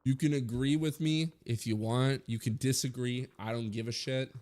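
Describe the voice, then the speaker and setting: A man's voice: mid-range voice, fairly even intonation, moderate pace, darkish tone, faint music behind. A man in his twenties giving a blunt, rambling opinion rant full of swearing, as a streamer talking to his viewers.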